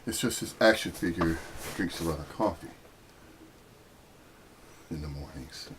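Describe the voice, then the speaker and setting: A middle-aged American man giving a rambling, teasing spiritual talk, jumping up into sudden high-pitched emphasis. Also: a little slow, noisy background. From United States. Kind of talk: casual spiritual monologue.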